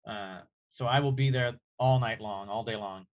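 A man, a comedian guest on a podcast, telling an animated, profane anecdote in casual chat. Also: fairly low pitch, normal speed.

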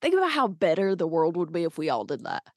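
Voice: mid-range voice, huge pitch swings, fast talker, dry recording, clean studio sound. An interviewer in a casual interview who responds enthusiastically and keeps affirming the guest.

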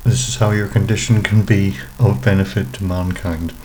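Guy with a lowish voice cohosting a podcast, dry jokey banter, faint music behind. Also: level tone, normal speed, a little mellow, rough recording. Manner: dry, teasing humour. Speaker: podcast co-host. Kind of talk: casual chat.

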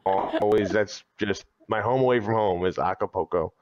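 A man, a comedian guest on a podcast, chatting casually with deadpan, mock-serious jokes. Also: on the low side, moderate pace, dry recording, muffled recording.

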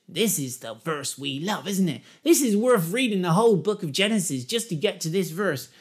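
A man's voice: high-pitched, normal speed, hardly any pauses. Guy preaching, chatty and jokey with the congregation, gets pretty fired up. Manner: enthusiastic, rising to excited emphasis; chatty, humorous asides to the congregation. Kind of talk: sermon with Bible reading.

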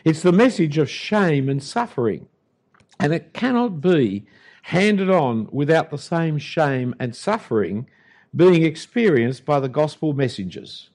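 A man's voice: a little high, expressive, unhurried, darkish tone. An older man with an Australian accent preaching a sermon as an Anglican pastor, emphatic and punchy, with dry humour.

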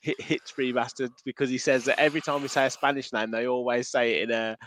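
Talking fast in a medium-pitched, fairly bright voice with a level tone, this football podcast co-host rambles casually, restarts frequently, and reads comments sent in by listeners. A little hiss or hum is audible.

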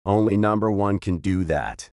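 A man narrating an audiobook in a steady, measured way. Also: fairly low pitch, dry recording, studio quality.

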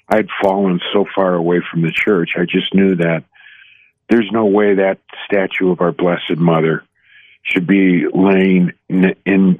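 A man in his sixties, a guest telling a personal story in earnest, halting speech with many restarts, heard over a phone line. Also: low-pitched, no echo. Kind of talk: personal testimony in an interview. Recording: tinny dry phone line.

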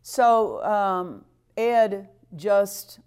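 Woman, preacher, sermon, earnest, exhortative, repeats phrases, mid-pitched voice. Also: expressive, extremely slow, a little mellow, smooth. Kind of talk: sermon to a responding congregation.

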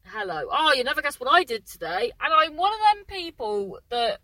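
A woman's voice: sits high, very animated, normal speed, bright, forceful tone, no room sound, low-quality recording. A woman, hosting a casual solo podcast, rambling and breaking off her own sentences. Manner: rambling, chatty, keeps breaking off mid-sentence; exclamatory. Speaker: podcast host.

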